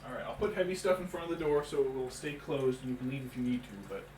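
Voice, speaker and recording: A man's voice: mid-range voice, fast talker, noisy background. A young man chatting casually while painting miniatures on a stream, rambling and now and then talking baby talk to his cat.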